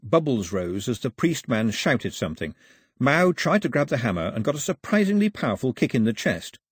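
A man narrates an audiobook in a husky, expressive voice. His pitch rises and falls with the action, and the recording is close and dry. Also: moderate pace, no room sound. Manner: expressive storytelling.

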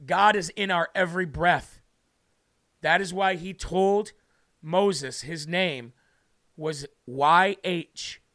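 A man's voice: fairly high pitch, pushed and bright. A man hosting a livestream who preaches fervently and emphatically, repeating words for stress, and is moved to tears. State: tearful, moved. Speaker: livestream host.

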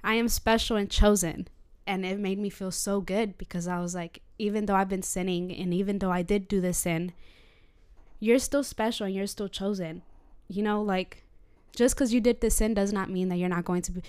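A woman co-hosting a casual faith podcast, speaking earnestly and personally, with a light nervous laugh now and then. Her voice is clear and smooth, at a middle pitch for a woman. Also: fairly even intonation, normal speed, a little mellow. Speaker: co-host of a Christian podcast.

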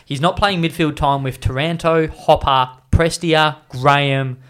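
A man's voice: a little high, steady tone, a little slow, fairly bright tone, clear, resonant tone. A man with an Australian accent in a casual sports podcast chat, blunt and swearing freely. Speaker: podcast co-host.

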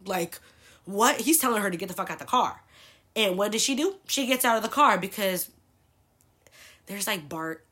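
A woman in her twenties hosting a podcast, telling a personal story in a casual, animated way, swearing freely and leaning on "like" a lot. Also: moderate pace, long pauses, slightly rough. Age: 20s. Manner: acts out quoted people with big pitch jumps. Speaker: podcast host.

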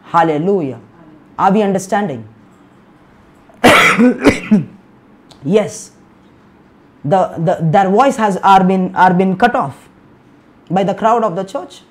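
A man's voice: sits high, slow, long pauses. A man preaching a sermon, often repeating himself and restarting his words, and saying "Hallelujah" and "Amen" again and again. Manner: emphatic preaching, rising loud in bursts, with repeated "Hallelujah" and "Amen".

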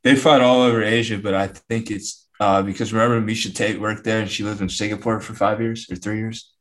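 A young man co-hosting a casual podcast, chiming in with quick wisecracks. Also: lowish voice, flat delivery. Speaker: podcast co-host. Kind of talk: casual chat.

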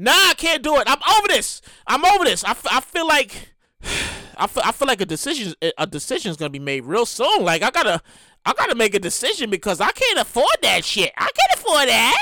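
A woman's voice: sits high, sing-song, fairly quick, pushed and bright, no room sound, studio quality. A woman hosting a show, ranting casually and emphatically, with profanity and stammered restarts. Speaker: show host. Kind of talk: casual comic rant.

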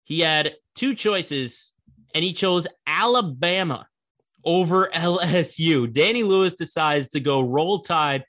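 A man's voice: on the high side, animated, takes it slowly, fairly bright tone. A young man hosting a casual sports commentary show, chatty and rambling, laughing at the story.

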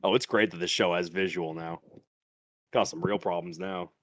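A man's voice: deep voice, fairly even intonation, normal speed, dry recording. Profane storytelling man, dry close mic. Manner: loose, profane, laughs through his stories. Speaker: podcast co-host. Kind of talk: casual storytelling chat. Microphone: podcast microphone.

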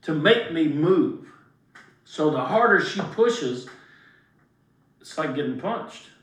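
A man telling a story as a guest in casual talk, emphatic and animated, swearing freely. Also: fairly high pitch, slow. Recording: roomy, distant mic.

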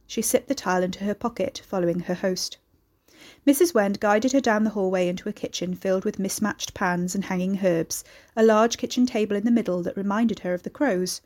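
A woman reading a story aloud as narrator, in a steady, measured storytelling manner. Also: medium pitch. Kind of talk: scripted narration.

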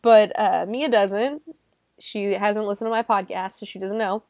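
A woman podcaster chats through a film in a loose, sarcastic way, swearing freely and piling on "like" fillers. Her voice sits at a middle pitch and comes across dry and close, with no room sound. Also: fairly even intonation, a little slow, darkish tone, dry recording. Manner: lots of "like" fillers. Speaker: podcast host reviewing a film. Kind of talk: casual chat.

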